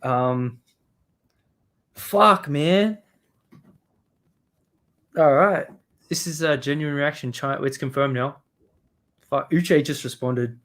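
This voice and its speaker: A man hosting a live stream, ranting angrily with lots of swearing, swinging from loud outbursts to low muttering. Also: slow pace, pauses often. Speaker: show host. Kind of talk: profane live-stream rant.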